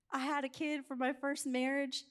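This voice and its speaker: A middle-aged woman preaching a sermon, telling a candid personal story in an animated way. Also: high-pitched.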